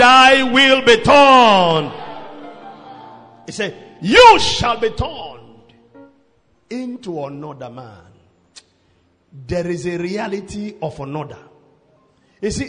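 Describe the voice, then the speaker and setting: A man preaching a sermon, shouting out prayers and reading scripture aloud with great force. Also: on the high side, big-room sound.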